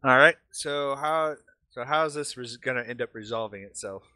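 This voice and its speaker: A man's voice: medium pitch, normal speed, pushed and bright, clear, resonant tone, dry recording, clean studio sound. A man running a tabletop game as game master, narrating casually with chatty asides.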